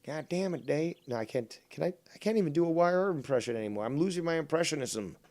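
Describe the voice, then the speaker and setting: A man's voice: on the high side, animated, fast talker, darkish tone. Rambling profane man streaming. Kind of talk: casual live-stream chat while gaming.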